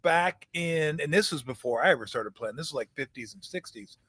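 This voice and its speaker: A middle-aged male host muses in a relaxed backyard chat, laughing easily. His voice sits a little high, and the sound is dry and close. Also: brisk, husky, no room sound. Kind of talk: casual chat. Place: backyard outdoors.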